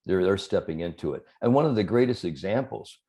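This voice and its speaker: A man, a sports psychologist, talking as an interview guest and telling anecdotes in a lively, chuckling way. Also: deep voice, brisk. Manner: animated storyteller, chuckles through anecdotes. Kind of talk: conversational interview storytelling.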